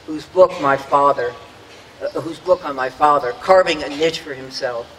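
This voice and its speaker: A man's voice: a little high, moderate pace, a bit bright, in a large hall, a little hiss or hum, low-quality recording. An older man giving a prepared, earnest speech at an outdoor memorial dedication, reminiscing about the past and acting out the voices he quotes. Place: outdoors at a public dedication ceremony.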